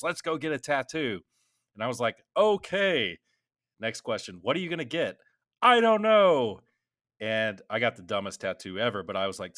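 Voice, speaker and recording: A middle-aged man with a very low voice that still has a bright, forward edge tells stories with a veteran's casual looseness. He circles back and restarts often. The sound is dry and close. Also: dry recording. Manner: rambling anecdotes with many restarts and fillers. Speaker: podcast co-host; military veteran. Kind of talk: casual conversational storytelling.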